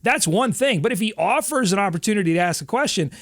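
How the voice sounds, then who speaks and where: Animated man talking basketball. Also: high-pitched, quick pace, no echo, clean studio sound. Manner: animated, laughing storyteller. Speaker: podcast co-host. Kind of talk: casual sports chat.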